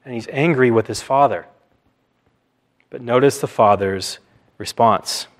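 A man preaching an expository sermon, measured and deliberate, pausing for emphasis. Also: medium pitch.

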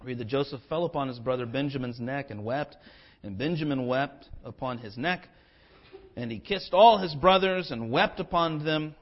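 A man preaching a sermon with impassioned swings in pitch and loudness, sometimes acting out the speakers in his text in a conversational voice. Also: muffled recording. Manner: acts out biblical speakers in a conversational voice. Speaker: pastor.

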